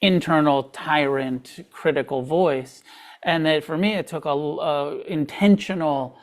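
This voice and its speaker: A man teaching meditation to a live group, talking loosely with fillers and restarts, often trailing off quietly. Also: a little high, measured pace. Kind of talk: dharma talk to a live group. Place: meditation hall with a live audience.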